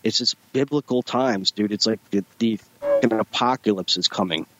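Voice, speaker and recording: A man in casual remote podcast chat, halting with many fillers as he rants. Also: on the low side, dull audio, noisy background. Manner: halting, heavy on fillers, ranting.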